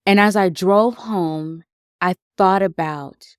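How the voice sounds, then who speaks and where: Woman podcast host, lowish voice, unhurried confessional storytelling, dry close sound. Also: smooth, no room sound. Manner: reflective and unhurried, with emotional emphasis.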